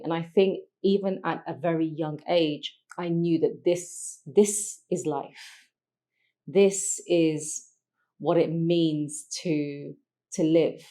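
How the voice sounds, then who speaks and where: Brief: middle-aged woman, guest telling her life story, low voice, halting and reflective. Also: dark tone. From London, England. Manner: reflective, halting, with many restarts and pauses. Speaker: podcast guest. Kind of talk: emotional personal storytelling.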